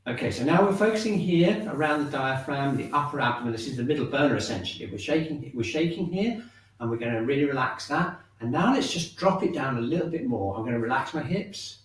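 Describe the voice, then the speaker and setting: A man teaching a shiatsu and qigong class, giving calm, encouraging step-by-step instructions. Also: mid-range voice, brisk, distant mic. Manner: calm, encouraging instructions, often checking in with "okay". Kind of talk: guiding an online movement class. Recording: very echoey room, voice off-mic.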